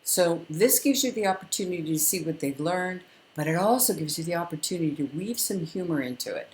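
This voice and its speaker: A calm older woman teaches parents in a firm, instructive way, spacing her points with deliberate pauses. Her voice sits a little low, and the room around her sounds echoey. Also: slight background noise. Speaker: parenting educator. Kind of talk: direct-to-camera parenting lesson.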